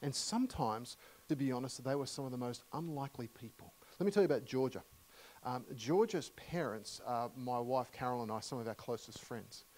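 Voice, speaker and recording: A middle-aged Australian man preaching a sermon in a church, telling humorous stories warmly with many fillers and restarts. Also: medium pitch, lively intonation, a little fast, low-quality recording. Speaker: guest preacher. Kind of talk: storytelling sermon.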